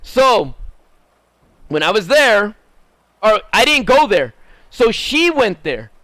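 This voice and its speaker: High-voiced man telling a story, dry mic. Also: slow, no echo. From Southern California. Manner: animated, rising to excited high bursts when quoting himself. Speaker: streamer. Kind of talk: casual storytelling while gaming.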